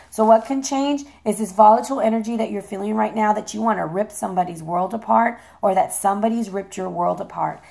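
A hoarse woman giving a chatty, playful tarot reading, swearing casually as she talks. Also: mid-range voice. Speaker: tarot reader.

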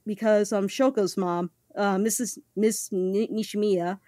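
A woman's voice: mid-range voice, measured pace, no room sound. Earnest woman chatting in a dry booth. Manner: earnest, animated, acts out quotes. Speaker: manga podcast co-host. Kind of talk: casual chat.

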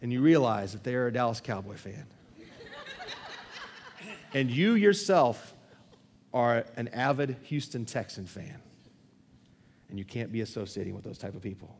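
A man's voice: medium pitch, animated, moderate pace, pauses often, slight background noise. A man preaching a sermon as pastor, telling a story conversationally and often restarting his phrases. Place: church sanctuary. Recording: long church hall reverb.

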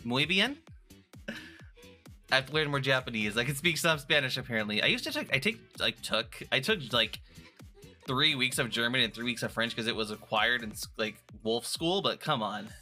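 A man's voice: mid-range voice, expressive, moderate pace, pushed and bright, faint music behind. A man chatting casually on a live stream, playful and rambling, often restarting his sentences. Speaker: vtuber streamer.

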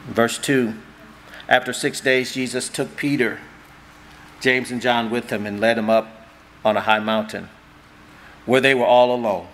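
A man preaching a sermon as pastor, conversational and animated, acting out little dialogues for the congregation. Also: mid-range voice, slight background noise. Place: church hall.

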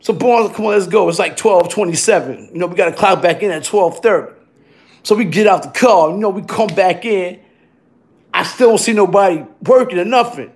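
Man storyteller, high voice, profane street talk, voices for everyone, sound effects. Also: brisk. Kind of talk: casual spoken storytelling.

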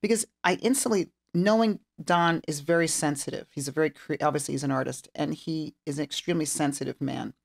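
A middle-aged woman with a gravelly, fry-laden voice, telling a long story as a podcast guest. She talks animatedly and acts out what everyone said, jumping into the quoted lines. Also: low-pitched, fairly quick, hardly any pauses. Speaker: interior designer guest. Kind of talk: storytelling interview chat.

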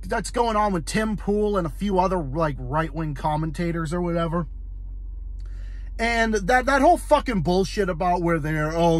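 A man's voice: sits high, a bit bright, no room sound. A man hosting his own political commentary show, ranting in a heated, profane way and repeating himself as he talks. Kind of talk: angry solo political rant.

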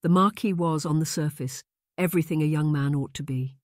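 A man's voice: on the high side, a little fast, no echo, clean studio sound. Man narrating a period romance audiobook. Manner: calm, even storytelling read.

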